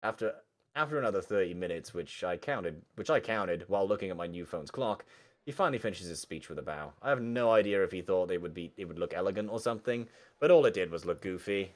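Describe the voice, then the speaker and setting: A man's voice: sits low, expressive, fast. A young man reading a visual novel aloud and reacting casually, often swearing. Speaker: game streamer. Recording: faint game music underneath.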